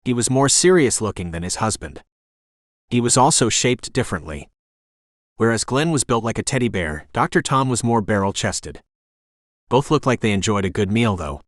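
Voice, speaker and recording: A man reading a first-person audiobook narration in a steady, even manner. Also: on the low side, moderate pace, dry recording, studio quality.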